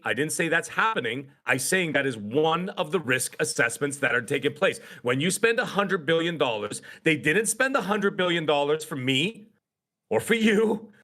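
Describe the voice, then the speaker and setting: Bright, emphatic middle-aged man. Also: a little high. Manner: emphatic, argumentative, repeats for emphasis. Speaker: podcast guest. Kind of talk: casual podcast chat.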